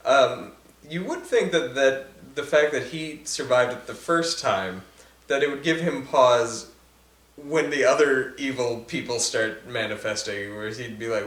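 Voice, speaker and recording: A man in a casual movie commentary chat, easygoing and quick to agree. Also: mid-range voice, fairly bright tone, roomy sound. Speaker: film commentator.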